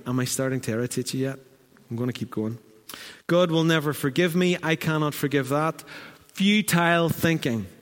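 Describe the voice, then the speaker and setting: Northern Irish male pastor, conversational sermon delivery, fairly high voice, long reverb of a hall. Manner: conversational preaching with lively storytelling asides. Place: church hall.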